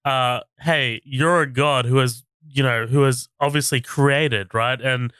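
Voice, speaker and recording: A man's voice: mid-range voice, measured pace, clean tone, no room sound, clean studio sound. A man co-hosting a movie podcast, chatting casually and animatedly, swearing often. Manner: animated, swearing, reads reviews aloud mockingly. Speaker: podcast co-host. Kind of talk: casual chat.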